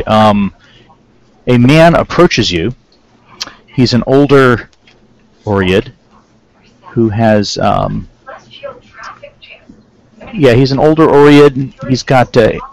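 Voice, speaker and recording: A man running a tabletop game as game master, narrating in a relaxed, rambling way. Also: medium pitch, low-quality recording.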